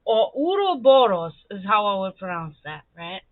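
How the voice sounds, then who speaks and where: A Serbian woman with a slightly high voice chats casually on her livestream while painting, rambling, swearing heavily, and venting animatedly at a measured pace. The recording is dry and tinny, like a phone, with no room sound.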